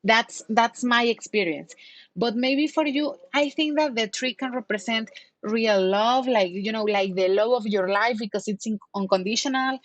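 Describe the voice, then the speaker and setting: A patient woman leads an online English lesson, explaining words and asking her students questions. Her voice is fairly high. The sound is dry and close to the microphone. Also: normal speed, no echo. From Mexico. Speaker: English teacher.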